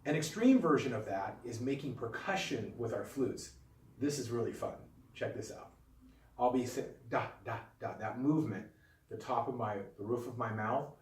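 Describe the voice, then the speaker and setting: Male flute teacher, patient and calm, mid pitch, echoey room, a bit off-mic. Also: far from the mic. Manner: calm, patient, demonstrative explaining. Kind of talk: instructional video lesson.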